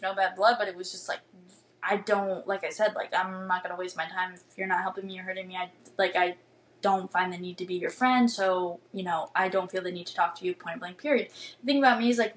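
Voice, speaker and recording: A woman's voice: mid-range voice, rough recording. A young woman in her twenties hosting a podcast, telling a dating story in a blunt, emphatic rant full of swearing and "like" fillers. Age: 20s. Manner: emphatic, animated rants. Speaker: podcast host. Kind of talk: casual storytelling monologue.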